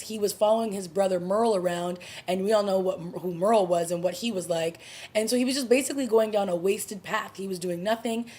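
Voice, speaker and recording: A woman's voice: medium pitch, darkish tone. A woman casually reviewing a TV episode, recapping the plot in a chatty, conversational way. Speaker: TV review vlogger.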